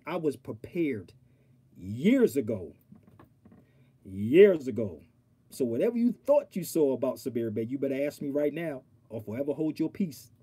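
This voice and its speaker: A man hosting an online livestream, talking straight to his viewers in an animated, preachy way and reading aloud from a law dictionary. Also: mid-range voice, husky. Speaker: online show host. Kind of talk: casual livestream talk.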